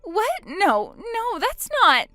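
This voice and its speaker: A woman's voice: very high voice, huge pitch swings, drawn-out words, sharp tone, no echo, faint music behind, full character voice. A woman voicing a boastful, spiteful young woman who mocks her sister in a text-story drama. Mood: shocked. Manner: smug, mocking, gloating.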